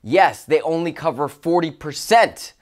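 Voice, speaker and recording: A man who works as a life coach, telling a personal story to camera in a casual, motivational way, expressive and excitable, with loud exclamations. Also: on the high side, unhurried. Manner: expressive and excitable, with exclamations and big swings in loudness.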